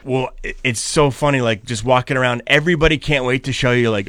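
A man's voice: mid-range voice, fast talker, few pauses, slight background noise. A young man from Pittsburgh chatting as a radio guest, telling travel stories and acting out the people he quotes in playful voices. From Pittsburgh, United States. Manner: animated storyteller, acts out quotes in playful voices. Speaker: guest, travel content creator. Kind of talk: casual radio interview chat.

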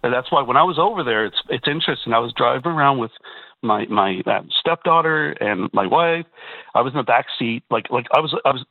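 A man's voice: mid-range voice, animated, a little fast, no echo. Heated male caller on a phone line. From Canada. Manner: emphatic, repeats words, rhetorical asides. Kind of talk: call-in radio talk. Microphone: telephone.

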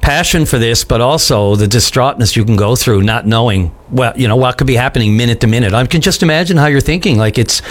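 A man's voice: mid-range voice, fast, few pauses. A man hosting a call-in radio show, talking sympathetically and chattily with callers, full of fillers. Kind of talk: casual call-in radio talk.

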